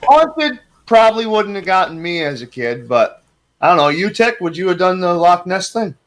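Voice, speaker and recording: A man's voice: high voice, big pitch swings, moderate pace, fairly bright tone. A man hosting a podcast, bantering and joking with swearing in casual chat. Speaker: podcast host.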